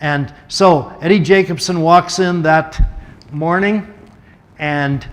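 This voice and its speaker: A man telling a long anecdote to an audience in an easy, conversational way. His voice sits a little higher than most men's, and he drifts into casual asides as he talks. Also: slow. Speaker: guest speaker. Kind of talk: storytelling talk.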